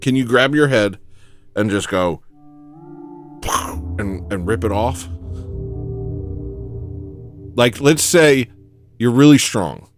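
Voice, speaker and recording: A man hosting a comedy livestream, rambling deadpan through absurd asides. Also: medium pitch, takes it slowly, long pauses, faint music behind.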